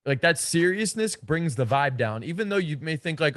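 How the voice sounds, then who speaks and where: A man's voice: fairly high pitch, lively intonation, normal speed, fairly bright tone, no echo, clean studio sound. Blunt, profane male dating coach. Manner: blunt and profane, slangy, emphatic. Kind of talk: casual coaching lecture.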